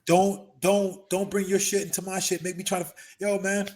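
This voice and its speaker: A man's voice: high voice, normal speed. A middle-aged man hosting a casual podcast chat, telling stories animatedly and acting out other people's lines. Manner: animated storyteller, acts out quotes loudly. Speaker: podcast host. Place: Los Angeles.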